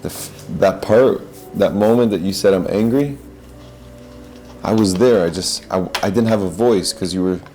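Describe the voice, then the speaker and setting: A man's voice: deep voice, moderate pace, hardly any pauses, warm tone, soft background music, low-quality recording. A man giving a reflective spiritual talk in an earnest, searching way, often repeating and restarting his phrases. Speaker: podcast host.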